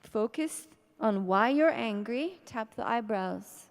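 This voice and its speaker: Slow, sighing woman guiding tapping. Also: on the high side, animated. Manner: slow, breathy guidance with many sighs and scripted affirmations. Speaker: EFT tapping practitioner. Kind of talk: guided tapping session. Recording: long reverb in a hall.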